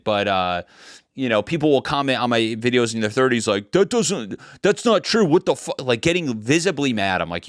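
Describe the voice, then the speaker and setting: A man's voice: medium pitch, a bit bright, clean tone, dry recording, studio quality. A man in his thirties hosting a comedy podcast, ranting in a rambling, heated way with many restarts. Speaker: podcast host.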